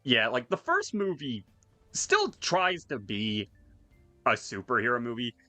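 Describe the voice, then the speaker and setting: Excitable man, bright, animated delivery; casual swearing host. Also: medium pitch, unhurried, no echo, faint music behind. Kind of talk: casual chat with friends.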